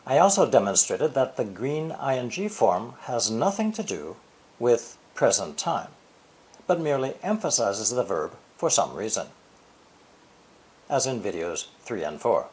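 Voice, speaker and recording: An older male teacher talks through a prepared lesson at a measured, deliberate pace. His pitch sits in a middle register but rises and falls broadly as he leans on key words. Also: big pitch swings, darkish tone. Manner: deliberate, stressing key words with sweeping intonation. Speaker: English teacher. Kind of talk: scripted explanatory lesson.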